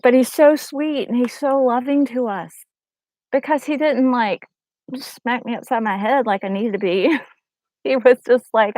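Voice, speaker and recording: A woman's voice: fairly high pitch, no echo, rough recording. A middle-aged woman vlogging casually about her faith, telling a story animatedly and urging her viewers earnestly. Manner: animated storyteller acting out quotes in raised voices. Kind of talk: casual testimony to camera.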